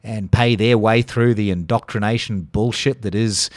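A man's voice: lowish voice, fairly even intonation, moderate pace, no echo, clean studio sound. A middle-aged Australian man hosting a solo podcast, ranting sarcastically with lots of swearing. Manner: sarcastic, profane, exasperated ranting. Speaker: podcast host.

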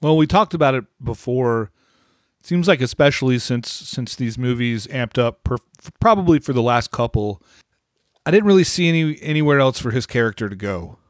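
A man's voice: mid-range voice, animated, moderate pace, dry recording, clean studio sound. A man co-hosting a podcast, thoughtful and rambling in casual movie review chat, often trailing off. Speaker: podcast co-host.

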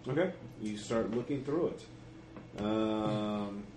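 A man's voice: lowish voice, takes it slowly, a little mellow. A man narrating a tabletop horror game as game master, hesitant, with many fillers and idle humming. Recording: echoey room with faint noise.

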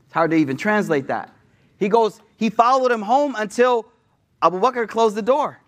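A man's voice: high voice, lively intonation, normal speed, a bit bright. A man giving a casual sermon, retelling stories in slangy everyday speech with acted quotes. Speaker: Islamic preacher.

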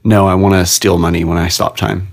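A man from Oklahoma chats on a family podcast in a loose, casual way. He jumps into playful pretend games with a goofy dad's humor, his voice set very deep. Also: little pitch movement, fairly quick. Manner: goofy, plays along in make-believe. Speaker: podcast co-host, father.

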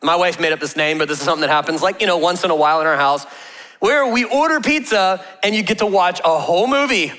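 A man's voice: sits high, fast talker, bright, forceful tone. A man in his thirties giving a conversational sermon as a pastor, telling stories with humor and tossing rhetorical questions to the congregation. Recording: long reverb of a large hall.

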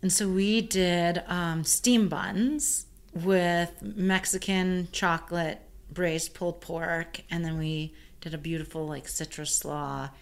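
A woman caterer chatting casually and telling an animated story, full of "like" fillers. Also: fairly low pitch, slow. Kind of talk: casual chat.

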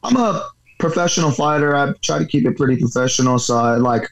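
Man, professional fighter, casual interview storytelling, rambling and profane, fillers everywhere, slightly high voice. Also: a little fast, gravelly, rough recording. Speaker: professional fighter and boxing coach.

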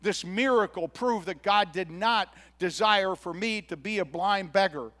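Pastor doing a healed blind guy telling his story, high voice, earnest sermon monologue. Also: measured pace, bright, forceful tone. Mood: grateful. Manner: earnest storytelling with quoted dialogue. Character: grown man once blind, healed, earnest and grateful. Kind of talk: dramatic first-person sermon monologue.

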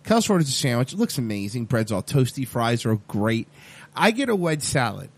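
Animated swearing man telling a story. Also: medium pitch, moderate pace. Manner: animated, swears freely, quotes himself. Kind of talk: casual storytelling chat.

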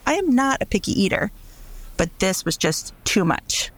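Brief: woman from Minnesota, mid-pitch, wry narrated personal story. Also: sing-song, moderate pace. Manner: wry, descriptive.

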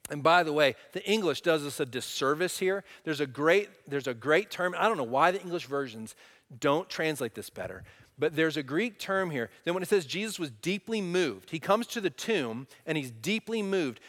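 Male pastor, higher voice, conversational sermon, restarts phrases, loud then hushed, long hall reverb.

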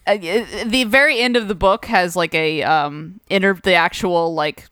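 A woman's voice: fairly low pitch, moderate pace, a bit bright, clean tone, no echo, clean studio sound. A woman co-hosting a podcast, chatting casually about a comic book, laughing often and swearing, acting out the lines of the people in the story. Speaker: podcast co-host.

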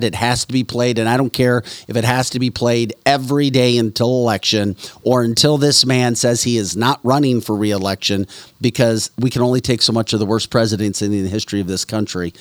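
A man's voice: mid-range voice, fairly even intonation, fairly quick, no echo. A man hosting a political talk show, speaking with indignant emphasis and repeating phrases as he builds his point. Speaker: show host.

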